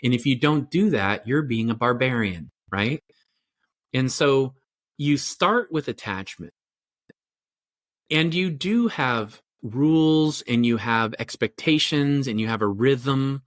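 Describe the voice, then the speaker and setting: A man's voice: medium pitch, expressive, slow, no room sound, studio quality. A middle-aged man, a family therapist, explaining his ideas in a podcast interview with thoughtful, rambling speech full of fillers and restarts. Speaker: family therapist and parenting coach.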